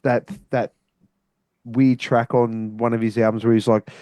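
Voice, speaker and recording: A man with a mellow, dark voice in a dry, close recording gives passionate opinions about music. He talks casually and emphatically, with plenty of swearing. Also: mid-range voice, flat delivery, a little slow, dry recording. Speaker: music reaction co-host. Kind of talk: casual reaction chat.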